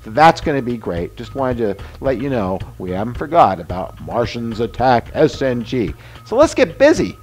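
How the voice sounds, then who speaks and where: An older man in his sixties talks through his workshop projects in a relaxed, meandering way, with plenty of "uh"s and side remarks. His voice sits in an ordinary middle pitch. Soft music plays faintly behind him. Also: moderate pace, hardly any pauses. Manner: chatty, rambling explanations with many fillers and asides. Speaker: show host and special-effects mask maker. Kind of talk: casual workshop demonstration.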